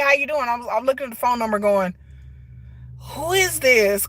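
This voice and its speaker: A woman, chatting casually to her viewers on a phone live stream from inside a parked car, animated and talkative. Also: on the high side, no echo. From Texas. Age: 40s. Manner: chatty, animated, often laughs and says y'all. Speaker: vlogger. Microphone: phone held at arm's length.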